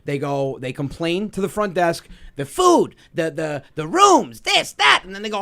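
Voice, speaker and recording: High-voiced New York comedian host. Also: male voice, brisk, few pauses. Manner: animated, rambling storytelling with fillers. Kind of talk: casual comedy podcast chat.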